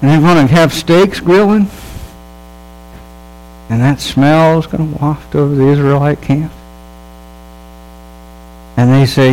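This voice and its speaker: A man with a notably high voice delivers a sermon in an easygoing, humorous storytelling way. He keeps checking in with his listeners and briefly acts out the people in the story as he goes. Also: a little slow, pauses often, a little mellow, rough recording. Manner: conversational, checks in with the audience. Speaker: pastor.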